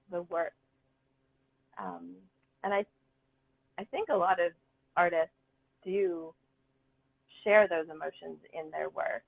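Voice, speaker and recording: A woman's voice: fairly low pitch, creaky, slightly rough. A woman artist talking earnestly and enthusiastically about her work in a casual conversation. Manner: earnest, enthusiastic, many ums. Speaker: guest artist. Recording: phone-like call audio.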